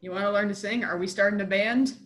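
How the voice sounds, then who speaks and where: A woman's voice: medium pitch, fairly even intonation, fast talker, a bit bright. A woman guest on a casual podcast, chatty and full of fillers as she talks. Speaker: podcast guest and tabletop player.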